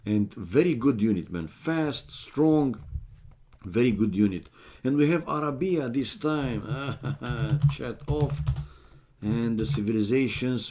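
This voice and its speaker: A Romanian man with a slow, mellow, medium-pitched voice livestreams himself casting a strategy game. Chatty and direct with his viewers, he calls them "man" and mixes small talk with match commentary.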